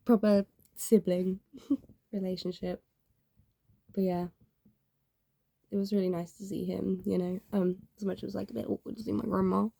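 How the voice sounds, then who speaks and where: A woman's voice: mid-range voice, gravelly, mellow, dry recording. A young woman talking in a rambling, candid way, full of fillers, in a casual confessional vlog. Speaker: YouTuber.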